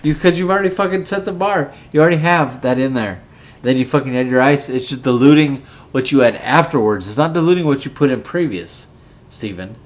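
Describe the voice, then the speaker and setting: A man's voice: medium pitch, brisk. A drunk man hosting a podcast, rambling and swearing as he bickers with a co-host. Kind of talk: casual drunken rant.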